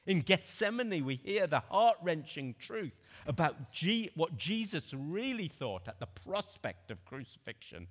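Earnest male preacher, deliberate and expressive, long church reverb. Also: fairly high pitch. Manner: earnest, dramatic swings between loud and hushed. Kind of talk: sermon.

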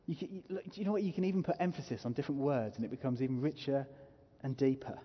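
Husky man preaching in a reverberant hall. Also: mid-range voice, rapid-fire, muffled recording. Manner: earnest, rising to emphatic preaching. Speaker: pastor. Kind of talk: sermon. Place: church hall.

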